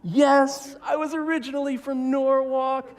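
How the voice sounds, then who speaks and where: A man voicing a flustered husband who squeaks out a panicked confession. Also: level tone, a little slow. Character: flustered husband exposed about his hometown. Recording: reverberant church sanctuary.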